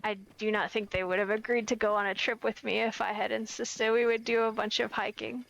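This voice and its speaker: A woman's voice: on the high side, level tone, fairly quick, creaky, fairly bright tone, highs cut off. Playful rambling woman streamer. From United States. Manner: rambling, playful, self-commenting. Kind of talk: casual gameplay chat.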